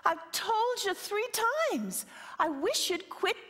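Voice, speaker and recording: A woman voicing a tiny wee man who pleads and complains in a high, squeaky voice, in a sermon story. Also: lively intonation, slow, a bit bright, full character voice. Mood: plaintive. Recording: reverberant hall.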